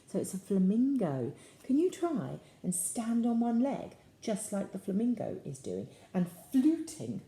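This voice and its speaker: A woman's voice: lowish voice, dark tone, echoey room. Playful woman reading a picture book to children. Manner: playful, questions the children, sing-song refrains. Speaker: children's storyteller.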